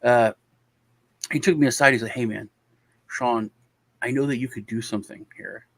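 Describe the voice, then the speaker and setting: At normal speed and mid-range pitch, with no room sound, a male panel guest on a relaxed show spins a lengthy anecdote. He's animated throughout, performing the quoted voices of everyone involved.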